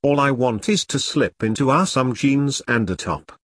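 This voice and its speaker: A man's voice: medium pitch, lively intonation, normal speed, a bit bright, slightly rough, dry recording. A man voicing a teasing, flirtatious married woman.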